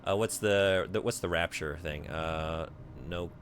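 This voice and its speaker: A man's voice: low voice, measured pace, slight background noise. A man streaming a video game in casual chat, thinking aloud, rambling and answering his viewers as he plays.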